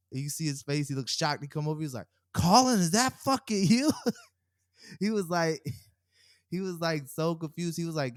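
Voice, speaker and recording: A young man co-hosting a podcast, chatting casually and telling animated stories with laughs mixed in. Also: mid-range voice, clear, resonant tone, dry recording, studio quality. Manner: animated storyteller, laughs mid-sentence. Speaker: podcast co-host. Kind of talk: casual chat.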